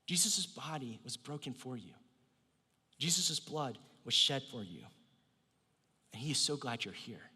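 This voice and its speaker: A male pastor preaching a sermon in a church, swinging from loud emphasis to near whispers. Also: medium pitch, sing-song, unhurried, long pauses, slightly rough, long reverb tail. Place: church sanctuary.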